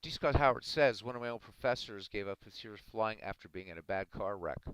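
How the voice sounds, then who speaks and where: A man's voice: fairly low pitch, brisk, fairly bright tone, smooth, dry recording, poor audio. A man who says he is Irish, streaming live and arguing back at his chat in a casual, combative way. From Ireland. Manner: argumentative, talking back to chat.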